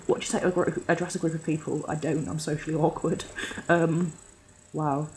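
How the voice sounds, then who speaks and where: A man's voice: a little high, flat delivery, a little fast, slight background noise, rough recording. A young man from Yorkshire, now living in London, rambling and swearing casually through a questionnaire video at home. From Yorkshire, England. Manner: rambling, sweary, self-deprecating. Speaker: vlogger. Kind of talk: casual solo vlog, answering a questionnaire.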